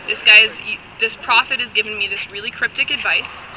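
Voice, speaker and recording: Woman as a gloomy little desert frog, whiny, exasperated, bright and a bit high. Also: fairly even intonation, normal speed, a little hiss or hum, poor audio. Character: lonely, depressed little male frog.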